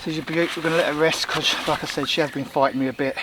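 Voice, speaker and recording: A man's voice: a little high, fairly even intonation, fast. A man talking casually to camera on a lakeside bank, out of breath and chatty, calling his viewers guys. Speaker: fishing vlogger. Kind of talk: casual outdoor vlog talk to camera. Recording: outdoor camera mic with background noise.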